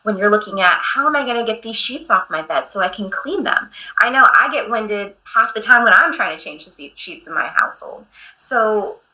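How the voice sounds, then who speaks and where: A woman in her thirties speaking as a guest on a radio interview show, candid and quick to laugh at herself. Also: mid-range voice, expressive, pushed and bright, rough recording.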